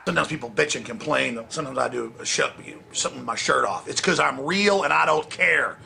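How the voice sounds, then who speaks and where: A male talk show host in an angry, profane on-air rant, shouting insults at his targets. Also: medium pitch, fairly quick, vocal fry, noisy background.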